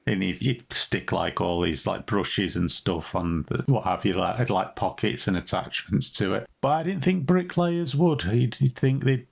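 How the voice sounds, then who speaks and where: A man's voice: on the low side, expressive, moderate pace, creaky, few pauses. A man from the United Kingdom, co-hosting a podcast, tells a story in a rambling, chatty way with wry asides. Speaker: podcast co-host. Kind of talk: casual chat, storytelling.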